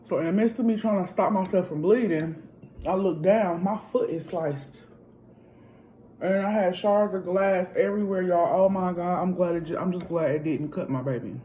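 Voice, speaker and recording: Chatty woman telling a storytime, mellow voice. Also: on the low side, moderate pace, slight background noise, low-quality recording. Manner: chatty, animated, addresses viewers directly. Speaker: vlogger. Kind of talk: casual storytime while eating.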